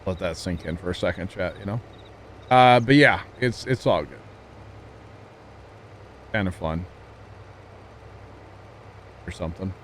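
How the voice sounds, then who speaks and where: A man's voice: low voice, animated, measured pace, long pauses, fairly bright tone, a little hiss or hum. A man streaming a farming game live, chatting casually and easygoing with his chat and fellow players. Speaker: livestreamer.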